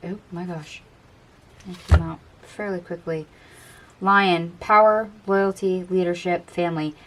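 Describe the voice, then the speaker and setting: A woman with a fairly low voice gives a casual tarot reading. She muses aloud over the cards in a chatty, dreamy way and keeps an encouraging tone toward the listener. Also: fairly even intonation, a little slow, background noise. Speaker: tarot reader.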